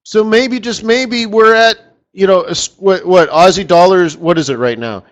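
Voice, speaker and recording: Guy running a trading webinar, kinda high voice, gets all excited n chatty. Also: normal speed. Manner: excitable, chatty, lively exclamations. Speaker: market strategist host. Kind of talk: live trading webinar commentary.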